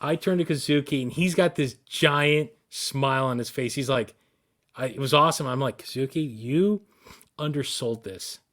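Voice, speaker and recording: A man co-hosting a podcast, telling a long story with excited, rambling energy and frequent restarts. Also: mid-range voice, moderate pace. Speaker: podcast co-host.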